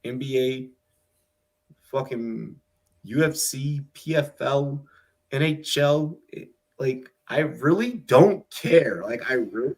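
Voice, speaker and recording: A man's voice: mid-range voice, animated, measured pace, vocal fry, husky. A man hosting a sports podcast, brash, profane and hyped in casual banter. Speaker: podcast host.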